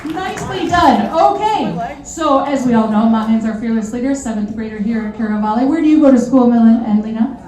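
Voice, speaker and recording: A woman's voice: a little high, a little fast, heavy background noise. A woman emceeing a live event in an upbeat way, prompting people with questions. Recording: echoey hall from far off, loud crowd.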